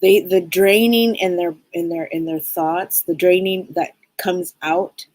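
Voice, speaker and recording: A woman's voice: on the low side, fairly even intonation, unhurried, darkish tone, no room sound, low-quality recording. Chatty woman on a live stream, rambles and repeats herself, dry close sound. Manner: rambling, repeats phrases, upbeat. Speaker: psychic hosting a live stream. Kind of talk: casual live-stream talk to viewers.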